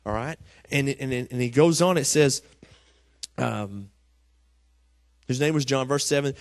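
A man's voice: medium pitch, unhurried, long pauses, no room sound. A man preaching a conversational sermon from scripture. He often repeats his words and asks the congregation "Amen?". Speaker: pastor.

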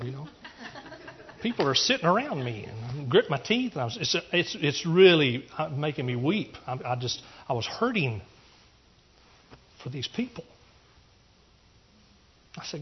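A pastor from East Texas giving an earnest testimony sermon, rambling through restarts and rising into emphatic preaching. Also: male voice, on the high side, sing-song, normal speed, pauses often, muffled recording, a little hiss or hum.

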